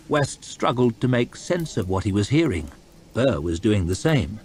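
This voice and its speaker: Expressive male storyteller, lively pitch. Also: moderate pace, slight background noise. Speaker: audiobook reader. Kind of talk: storytime narration over gameplay.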